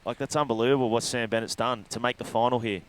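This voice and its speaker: A man's voice: medium pitch, fairly even intonation, quick pace. A man giving loose, rambling live commentary on a surf contest, breaking down each ride. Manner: loose, rambling analysis with fillers.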